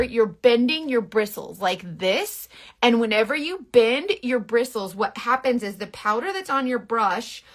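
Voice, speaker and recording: Bright, frank woman teaching makeup. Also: on the high side. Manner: chatty, frank and bossy, quick asides and mock baby voice. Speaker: makeup influencer. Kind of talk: casual makeup tutorial to camera.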